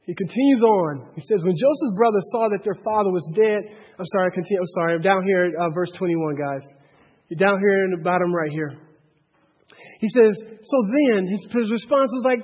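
Male pastor, high voice, husky, dull echoey church-hall recording. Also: fairly quick. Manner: animated preaching that swings from shouting to hushed asides. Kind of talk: sermon.

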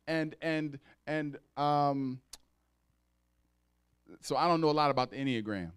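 Male pastor, slightly high, clear voice; conversational sermon with call-outs and acted-out voices. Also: unhurried. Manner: acts out dialogue in raised voices.

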